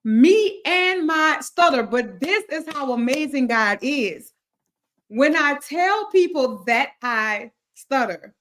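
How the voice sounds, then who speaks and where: A woman with a stutter, speaking as a podcast guest. She talks slowly and earnestly in a somewhat high voice, repeating words as she works through them. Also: expressive, bright, forceful tone. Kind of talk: casual chat.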